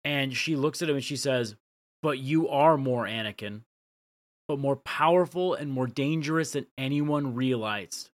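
A man's voice: mid-range voice, a little slow. A man co-hosting a podcast, casually recapping scenes and dropping the odd swear. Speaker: podcast co-host.

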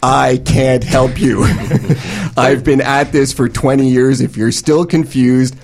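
A man's voice: medium pitch, slow pace, gravelly, a little mellow. A man ranting emphatically and sarcastically as a panelist in a discussion.

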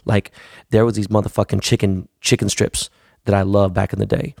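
A man's voice: lowish voice, little pitch movement, fairly quick, gravelly, a little mellow, dry recording, studio quality. A man in his thirties from the US West Coast, hosting a podcast in a blunt, profane, rambling monologue. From United States, West Coast. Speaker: podcast host. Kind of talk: casual monologue.

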